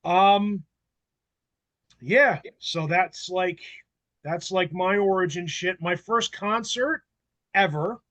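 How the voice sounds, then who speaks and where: A man in his forties on a panel, telling stories in a casual, animated way, acting out voices and swearing freely. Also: high voice, slow pace, long pauses, no room sound. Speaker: panel member. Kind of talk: casual storytelling chat.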